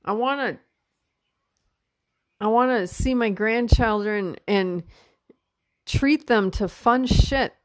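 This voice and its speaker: Speaking slowly with frequent pauses, this middle-aged podcast host has a slightly high voice and a dry, echo-free sound. Her casual monologue is heartfelt and frank, full of swearing and emotional openness, and she sometimes cries openly.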